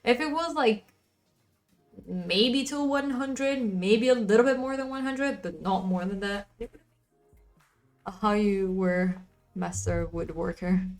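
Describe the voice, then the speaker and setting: Woman streamer, relaxed rambling live chat, middle pitch, soft music underneath. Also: slow pace. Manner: rambling, chatty, answers chat.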